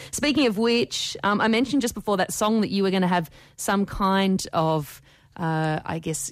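A woman hosting a radio talk show, brisk and taking calls. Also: on the low side, dry recording, clean studio sound. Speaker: radio host. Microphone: studio microphone.

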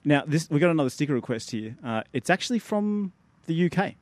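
Aussie co-host guy, bit high voice, stumbly easygoing chat, dry sound. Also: sing-song, fairly quick, no echo. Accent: Australian. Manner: hesitant, self-correcting banter. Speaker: podcast co-host. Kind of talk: casual fishing podcast chat.

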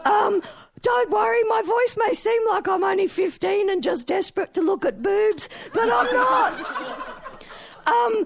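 A woman's voice: very high-pitched, expressive, a little slow, gravelly, voice pushed up, full character voice. A woman voicing a young man who sounds like a teenager, hesitant and full of ums on a voicemail. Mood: nervous. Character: squeaky teen-sounding would-be French suitor.

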